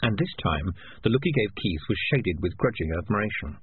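A man narrating a storybook audiobook in an expressive reading voice. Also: lowish voice, brisk. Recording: tinny lo-fi with faint hiss.

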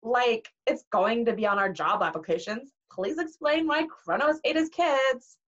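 A woman's voice: on the high side, unhurried, voice pushed up. A woman reading aloud, voicing a mocking teenage schoolgirl who mumbles sarcastic remarks, on a dull recording. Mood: snide.

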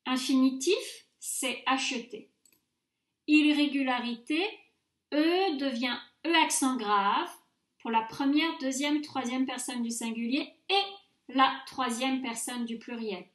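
A woman giving a recorded grammar lesson with a slightly high voice. She speaks clearly and patiently, sounding words out slowly for learners to repeat. The room adds a noticeable echo. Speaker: French teacher. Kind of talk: recorded grammar mini-lecture. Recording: roomy echo.

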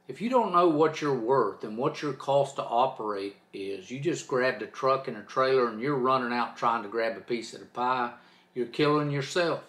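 A man's voice: mid-range voice, normal speed, a bit bright, echoey room. A man hosting his own trucking channel, talking off the cuff in a fired-up, preachy, emphatic way. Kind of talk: off-the-cuff vlog rant.

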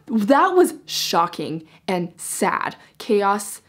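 A young woman excitedly reviewing a novel in a casual vlog, gushing and peppering her talk with "like". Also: medium pitch, moderate pace. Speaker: book reviewer.

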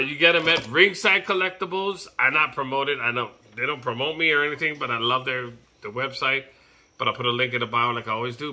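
A middle-aged man from Hawaii with a Hawaiian Pidgin accent, chatting playfully in a home vlog while his daughter films, bursting into shouts and laughter. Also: mid-range voice, a little hiss or hum. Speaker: vlogger. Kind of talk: casual vlog. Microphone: camera held by his daughter.

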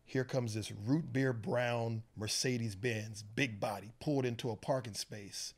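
A man's voice: medium pitch, steady tone, a little slow. Boisterous man telling profane anecdotes. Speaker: guest. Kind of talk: casual storytelling chat.

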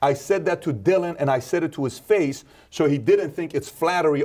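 A man talking as an interview guest, emphatic and preachy, dropping from loud to low. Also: fairly quick, hardly any pauses. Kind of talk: casual interview talk.

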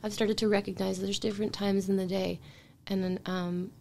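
A woman with a Canadian accent chats as a guest on a casual podcast, musing openly about her songwriting. Her voice sits in a middle pitch, and she drifts between thoughtful asides and light laughter. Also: flat delivery, moderate pace, creaky, a little mellow, slight background noise. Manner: chatty and reflective, with frequent light laughs.

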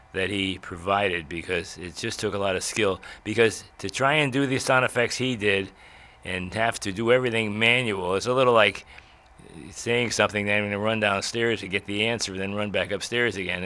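An older man, a radio veteran, telling old stories in a rambling way with many pauses and restarts. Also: fairly low pitch, pushed and bright. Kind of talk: reminiscing talk.

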